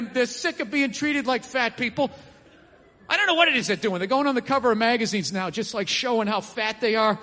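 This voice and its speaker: High, bright, shouting stand-up comedian man. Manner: ranting, often shouting, sarcastic and profane. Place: theater stage before a live audience. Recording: long hall reverb with faint ambience.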